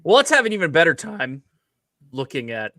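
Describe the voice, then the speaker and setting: A man's voice: on the high side, very animated, a little fast, pushed and bright, dry recording. A man co-hosting a casual chat, playful and teasing. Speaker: podcast co-host.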